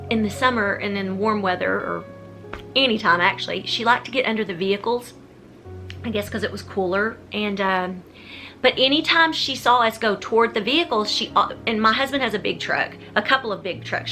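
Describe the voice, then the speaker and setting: A chatty woman with a drawl records a casual home vlog. Her voice is clear and bright, and she rambles from thought to thought, breaking off and restarting her sentences. Soft music plays quietly behind her. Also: medium pitch, a little fast. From Texas. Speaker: vlogger.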